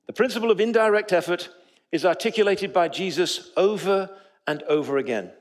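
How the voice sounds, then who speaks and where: Speaking briskly in a high voice, a pastor addresses his congregation in the church sanctuary. His sermon is full of animated storytelling, with the quoted voices acted out.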